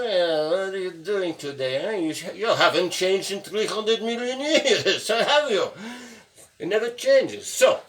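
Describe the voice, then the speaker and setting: A sculptor in his seventies gives a casual stone-carving lesson in his studio, his male voice somewhat high and a touch bright. He is playful and talkative, frequently tacking "no?" onto the end of his sentences.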